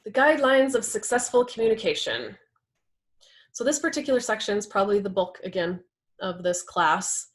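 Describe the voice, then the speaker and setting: A woman's voice: medium pitch, expressive, normal speed. A young adult woman instructor teaching a class in a conversational way, often checking in with "right?" and acting out example quotes. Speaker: workshop instructor.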